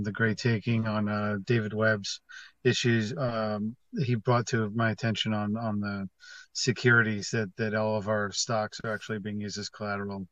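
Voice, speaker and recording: A man being interviewed as a documentary filmmaker, answering in a steady, matter-of-fact way. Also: lowish voice, no room sound.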